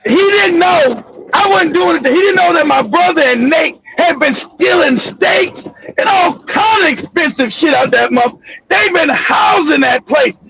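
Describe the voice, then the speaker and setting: Loud, gravelly man telling a rowdy story. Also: a little slow, dull audio, slight background noise. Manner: animated, shouting, laughing, acts out other people in a lower voice.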